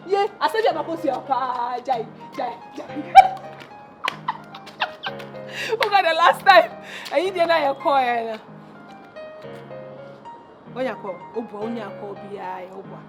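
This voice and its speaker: An actress with a Ghanaian accent playing a flashy young woman who laughs, teases and mixes Twi with English slang as she brags about luxury things. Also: sits high. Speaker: actress in a Kumawood film. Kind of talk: dramatic film dialogue.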